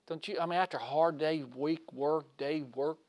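A man giving a conversational sermon in a folksy way, asking his listeners questions and swinging from loud to hushed. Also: fairly high pitch, fairly even intonation, moderate pace, no room sound. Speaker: preacher.

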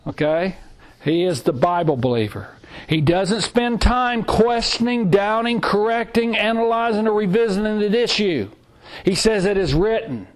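A man's voice: high voice, unhurried. A middle-aged man teaching a Bible class, emphatic and repetitive, reading scripture aloud. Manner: emphatic, repeats phrases, reads scripture aloud. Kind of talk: sermon.

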